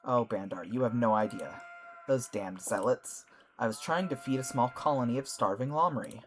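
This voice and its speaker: A man's voice: mid-range voice, moderate pace, a bit bright, slight background noise, close to an everyday voice. A man voicing a skeletal character in a game who theatrically complains about his unjust imprisonment. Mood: indignant. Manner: theatrical, indignant. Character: skeletal male animal-lover, indignant and dramatic.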